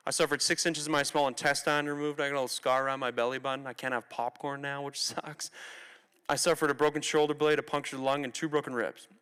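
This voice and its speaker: A young man from Canada tells his story to students from a theatre stage, candid and conversational, sometimes slipping into the voices of the people he quotes. His voice is bright and crisp. A long hall reverb trails behind every phrase. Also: mid-range voice, little pitch movement, quick pace. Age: 20s. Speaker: motivational speaker. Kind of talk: personal story talk to students.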